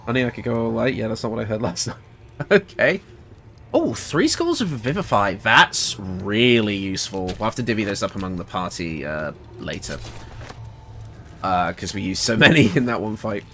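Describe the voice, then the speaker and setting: A man's voice: lowish voice, sing-song, moderate pace, fairly bright tone, a little hiss or hum. A man with a British accent chatting casually while streaming a game, thinking aloud and laughing often. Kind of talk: casual gameplay livestream commentary.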